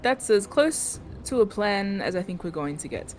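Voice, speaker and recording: A woman's voice: mid-range voice, animated, normal speed, faint music behind. Giggly chatty woman player. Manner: chatty, giggly, restarts often. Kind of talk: casual tabletop game chat.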